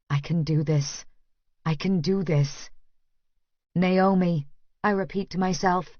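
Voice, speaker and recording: A woman's voice: mid-range voice, dry recording. Woman narrating a tense first-person audiobook. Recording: dry, slightly muffled studio recording.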